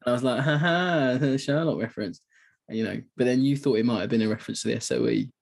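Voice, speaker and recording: Chatty man, breathy voice. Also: mid-range voice, steady tone, racing, dark tone. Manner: chatty, laughs often, acts out quotes. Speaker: podcast co-host. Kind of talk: casual film review chat.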